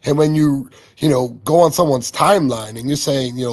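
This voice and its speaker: A man's voice: a little high, animated, brisk, darkish tone. A man talking in an online audio chat room, rambling with repeated words and swearing. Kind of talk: casual heated chat.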